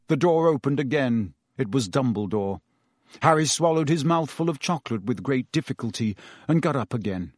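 A man reading a novel aloud as an audiobook, with steady, expressive storytelling. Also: mid-range voice, normal speed, no room sound, clean studio sound. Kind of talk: audiobook narration.

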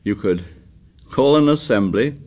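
A man voicing an anxious, stubborn schoolboy who speaks in a shrill, insistent, pleading way. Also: animated, unhurried, darkish tone.

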